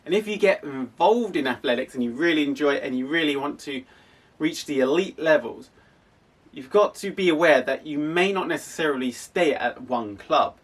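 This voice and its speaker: A man's voice: fairly high pitch, animated, normal speed, breathy edge, far from the mic. A young man from an athletics club, explaining casually with frequent restarts. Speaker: athletics club coach and host.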